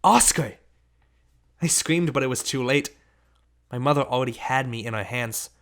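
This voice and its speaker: A man's voice: medium pitch, a little fast, clear, resonant tone. Man narrating an audiobook in a mid voice. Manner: steady first-person storytelling. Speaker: audiobook reader.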